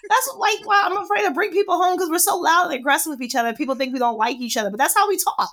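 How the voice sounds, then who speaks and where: A woman entrepreneur chatting as a podcast guest, animated and quick to laugh while telling stories. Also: very high-pitched. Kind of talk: casual conversation.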